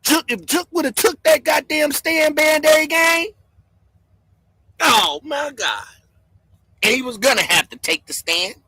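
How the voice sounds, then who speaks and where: A man hosting a livestream, yelling and cursing in fired-up commentary from home. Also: extremely high pitch, expressive, a little slow, long pauses, no echo. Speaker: livestream host.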